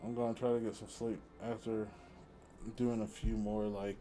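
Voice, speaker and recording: A man's voice: lowish voice, level tone, normal speed, mellow, a little hiss or hum. A tired man streaming a video game, chatting casually and correcting himself as he goes. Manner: rambling, self-correcting. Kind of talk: casual let's-play commentary.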